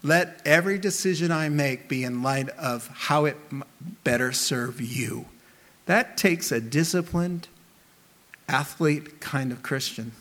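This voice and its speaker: Emphatic preacher man, fairly high voice. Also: measured pace. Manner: animated and emphatic, with rhetorical questions. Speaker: pastor. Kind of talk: sermon.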